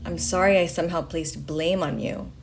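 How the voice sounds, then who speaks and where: A woman reading a letter aloud in a slow, deliberate way, pausing between phrases. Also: lowish voice, fairly even intonation, vocal fry, slight background noise. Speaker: reader of a letter.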